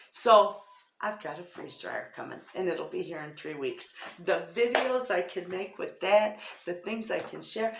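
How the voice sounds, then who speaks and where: A middle-aged Midwestern American woman with a low voice chats casually to her viewers and acts out what others said. Her talk rings in an echoey room, with crickets chirping faintly behind her. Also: a little slow, vocal fry. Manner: chatty storyteller, quotes others in lively voices. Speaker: homestead vlogger. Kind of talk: casual chat to camera.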